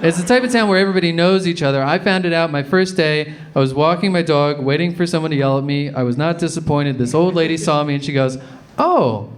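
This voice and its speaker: A man doing a stand-up comedy set in a deadpan storytelling manner that bursts into loud shouts now and then. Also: fairly high pitch, fast, a little hiss or hum. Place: comedy club stage before a live audience. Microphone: handheld stage mic. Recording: live club recording with crowd laughter. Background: audience laughter.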